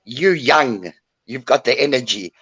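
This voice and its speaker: An older woman who talks with blunt, emotional force and a lively pitch that swings up and down. Her voice comes through a dull, lo-fi line in a dry, close sound. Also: a little slow, husky, no echo. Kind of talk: casual chat.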